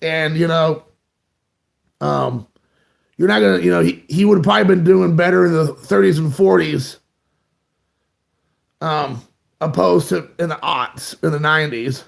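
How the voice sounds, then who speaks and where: A man's voice: on the high side, animated, unhurried, creaky, long pauses. A man hosting a live stream, chatting casually and rambling while greeting viewers by name.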